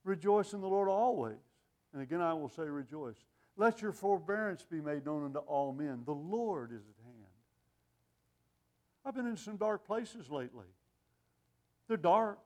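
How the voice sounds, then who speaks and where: An older man preaching a sermon with an animated, self-deprecating sense of humor, often laughing at himself. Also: high-pitched. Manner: lively, animated delivery.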